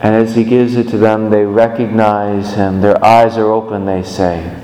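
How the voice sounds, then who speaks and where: A man preaching a sermon, telling the story in an animated way with big swings in pitch. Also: normal speed, reverberant, long reverb tail, poor audio.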